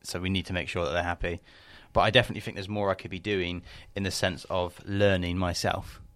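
Blunt, low-voiced man chatting. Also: flat delivery, quick pace, fairly bright tone, dry recording. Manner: blunt, swears casually, laid-back. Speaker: podcast co-host, business owner. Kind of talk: casual chat.

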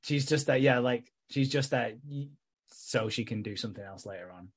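A man co-hosting a casual podcast, recapping a soap with swearing and quick voiced asides. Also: medium pitch, breathy edge. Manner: laughing, swearing, acting out characters in quick asides. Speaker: podcast co-host.

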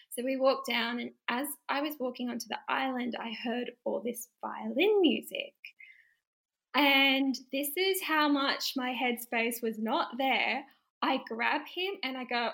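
Young aussie woman chatting, a bit of vocal fry, bright tone, laughs a lot while she tells it. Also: on the high side, normal speed, low-quality recording. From Australia. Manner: animated, acts out quotes with laughter. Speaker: interview guest. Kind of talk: casual storytelling.

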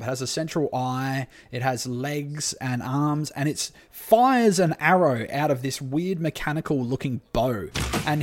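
Man narrating as a relaxed game master. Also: fairly high pitch. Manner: laid-back, descriptive.

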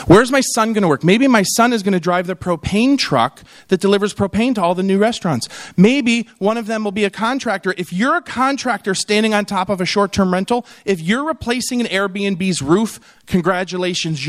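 A middle-aged conference keynote speaker, high-voiced and a little fast, keeps the audience laughing with stories. He narrates with animation and slips into the voices of the people he describes.

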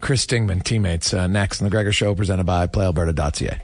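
A man hosting a sports radio show, brisk and dotted with "uh" fillers. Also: low voice, no echo, clean studio sound, faint music behind.

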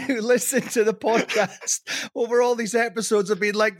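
A man's voice: high voice, moderate pace, few pauses, no echo, clean studio sound. A middle-aged man chatting as a podcast guest, rambling and self-deprecating, laughing often. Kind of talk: casual podcast chat.

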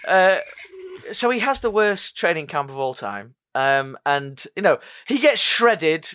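A man's voice: on the high side, sing-song, measured pace, bright, forceful tone, clean tone, no echo. A man hosting a casual film chat podcast, laughing often and firing off mock-outraged questions. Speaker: podcast host.

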